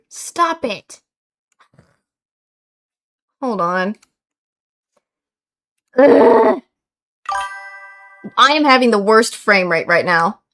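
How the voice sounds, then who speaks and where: A woman's voice: a little high, fairly bright tone. A young woman streaming a game, talking straight to her chat and exclaiming aloud at what goes wrong. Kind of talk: casual live-stream gameplay chat.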